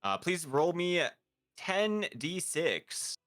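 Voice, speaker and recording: A man's voice: fairly high pitch, sing-song, drawn-out words, fairly bright tone, no echo, clean studio sound. A man running a tabletop game as game master, narrating results playfully.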